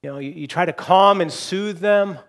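A pastor in his forties delivers a sermon in a relaxed, conversational way. His voice sits fairly high for a man. He often restarts and repeats words, and he moves between loud emphasis and a soft hush. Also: moderate pace. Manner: shifts between loud emphasis and hushed softness.

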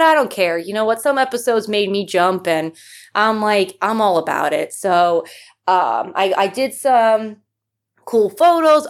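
A young woman hosting a solo podcast, chatting casually and gushing, with lots of fillers and asides. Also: medium pitch. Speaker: podcast host.

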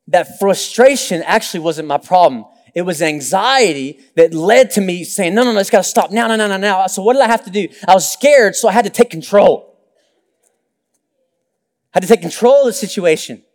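A young male pastor delivers a sermon with a noticeably high voice. He tells personal stories, acts out quotes and tosses in joking asides. The sound rings with the long reverb of a large church hall. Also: darkish tone.

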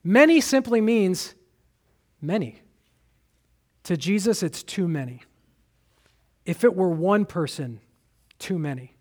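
Male pastor, high-pitched, delivering an urgent, pleading sermon. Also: lively intonation, takes it slowly, long pauses, a little mellow. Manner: urgent, pleading, rising to emphatic questions.

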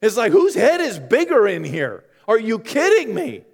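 A man's voice: very high voice, huge pitch swings, normal speed, gravelly, in a large hall. A man preaching a sermon in a conversational way, with joking asides to the congregation. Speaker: pastor.

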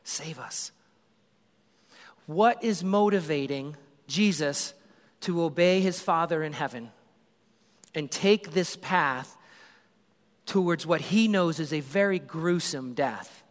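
Male pastor, higher register, animated storyteller, echoey sanctuary. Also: takes it slowly. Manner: animated storytelling, acts out crowd voices. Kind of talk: sermon.

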